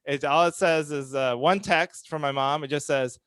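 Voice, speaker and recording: Dry-humored man, smooth close voice. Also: fairly high pitch, fairly even intonation, moderate pace, a bit bright, no room sound. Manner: dry, self-deprecating storytelling with acted-out quotes. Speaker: stand-up comedian. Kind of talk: stand-up comedy set.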